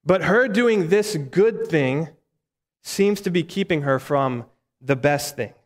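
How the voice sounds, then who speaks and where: Male preacher, conversational sermon delivery with rhetorical questions, slightly high voice, long hall reverb. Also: expressive, slow.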